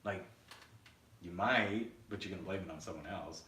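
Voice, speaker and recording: A deep-voiced man with a sharp tone co-hosts a podcast at a normal pace, chatting casually and giving blunt opinions with plenty of swearing. The recording has a roomy echo, a distant mic and faint noise.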